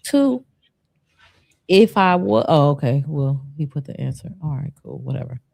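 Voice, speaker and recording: A woman chatting casually on a podcast, animated and playful, swearing freely. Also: low-pitched, moderate pace, creaky, no room sound, clean studio sound. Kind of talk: casual chat.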